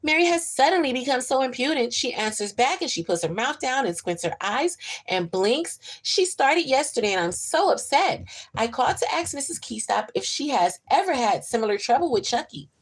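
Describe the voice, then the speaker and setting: A woman voicing an anxious, proper mother who talks in a high, strained, fretful way. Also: big pitch swings, moderate pace, husky, exaggerated voice. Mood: worried.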